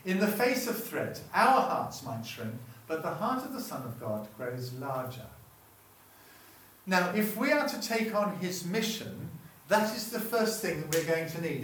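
His voice sits high and a bit bright as he delivers a chatty sermon, frequently cutting himself off to question the people listening. The recording is echoey and distant.

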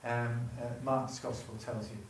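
This man speaks at medium pitch with a flat delivery and a measured pace. Giving a sermon, he is chatty and self-interrupting, stopping mid-sentence to ask the congregation things. The sound comes from far off in a reverberant room.

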